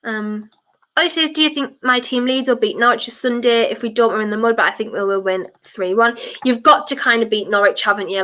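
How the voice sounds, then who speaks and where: Reading viewer comments on a casual football watchalong stream, a young woman from Durham, England answers bluntly and swears mildly at times. Her medium-pitched voice sounds pushed and bright, with a mixed North East English accent that's toned down.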